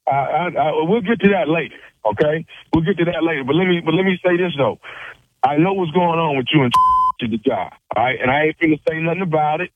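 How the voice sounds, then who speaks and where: Male prank caller, slightly high, pushy with stifled laughs; dry, tinny phone audio. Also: fast, dry recording.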